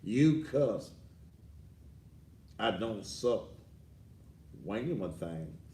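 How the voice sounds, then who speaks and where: A man hosting a ranting commentary show, boisterous and rambling with sudden loud outbursts, heard on a distant mic. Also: fairly low pitch, animated, drawn-out words, echoey room, a little hiss or hum. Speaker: host.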